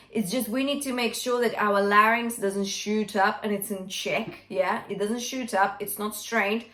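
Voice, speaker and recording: A woman's voice: on the high side, a bit bright. A woman vocal coach teaching a singing lesson, talking through technique and singing short demonstrations, checking in with "yeah?" and "okay?" as she goes. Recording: echoey room.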